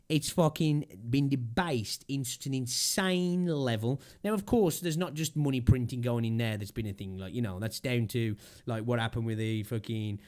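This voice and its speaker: A man's voice: mid-range voice, darkish tone. A young man ranting casually on a livestream, swearing constantly and rambling with fillers, with a slightly sore throat. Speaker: streamer.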